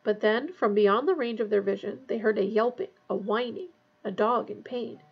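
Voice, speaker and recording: A woman narrating a fantasy novel aloud in a tense, hushed storytelling manner. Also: a little high, moderate pace, creaky, husky, dull audio. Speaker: audiobook reader.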